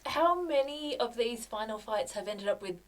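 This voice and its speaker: A woman's voice: a little high, animated, normal speed, low-quality recording. A woman playing at a tabletop game who chats casually and asks the game master curious questions. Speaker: player.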